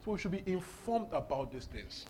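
A high-voiced man preaching a charismatic sermon, his pitch swinging widely as he laughs and repeats himself. Faint ambient noise sits under his voice. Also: very animated, normal speed, mellow. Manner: exuberant, laughing often, repeating phrases.

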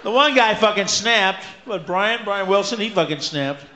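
A high-pitched male comedian rants through a stand-up set, swinging from muttered asides to full-throated screams. He curses freely and mimics other people in shrieking voices. The recording is roomy, with a live crowd and steady noise behind him. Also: normal speed. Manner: loud ranting, bursts into screaming shouts; profane, mocking voices of others. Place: large live venue with audience.

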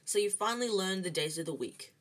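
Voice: medium pitch, fast, a bit bright, voice pushed up, close to an everyday voice. Harry Potter, a dry cool boy wizard as a reader plays him. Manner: cool and dry, turning fierce. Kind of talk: amateur read-aloud storybook.

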